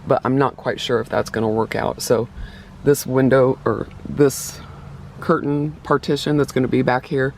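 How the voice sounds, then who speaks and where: Male vlogger, middle pitch, casual and rambling, slightly out of breath, faint noise behind. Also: level tone, normal speed. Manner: rambling, self-correcting, chatty. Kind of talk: casual build update to camera. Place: inside a vehicle being built out.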